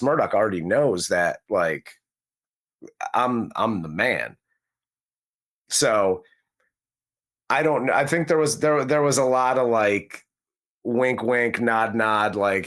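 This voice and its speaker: A man's voice: medium pitch, slow pace, long pauses, a bit bright. A man co-hosting a movie review chat, rambling and talking about the film as if he were its hero. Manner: rambling, speaks in character as the film's hero in first person. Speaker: movie review podcast co-host. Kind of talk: casual chat.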